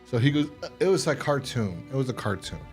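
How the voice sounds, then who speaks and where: A man chatting casually as a podcast co-host, his voice sitting at an ordinary middle pitch. He rambles through a plot recap, restarting sentences and now and then breaking into loud mock voices. Faint music plays behind him. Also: big pitch swings, fairly quick. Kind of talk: casual horror episode review chat.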